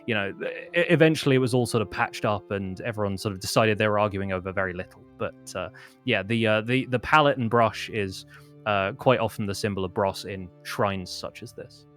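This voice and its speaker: A man's voice: lowish voice, fairly quick, a bit bright, soft background music. Rambling man running a tabletop game. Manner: rambling, many fillers. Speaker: game master.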